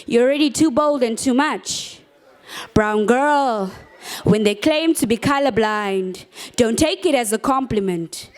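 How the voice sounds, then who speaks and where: A young woman from Africa, performing impassioned, rhythmic spoken word poetry at a rooftop bar. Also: sits high. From South Africa. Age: young adult. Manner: impassioned, rhythmic, repeating refrains.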